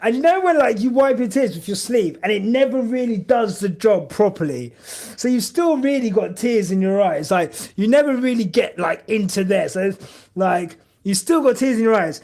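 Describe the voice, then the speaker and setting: A man's voice: high-pitched, animated, normal speed, darkish tone. A young man hosting a live stream, chatting casually and emotionally in a rambling way with lots of fillers. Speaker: podcast host streaming live.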